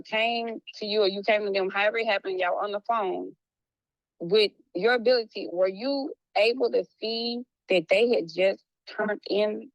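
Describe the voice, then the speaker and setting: Apologetic woman talking fast with restarts. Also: medium pitch, dry recording, poor audio. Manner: animated, restarts often, slips into a playful hood voice when quoting. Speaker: private investigator guest. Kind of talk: apologetic casual conversation.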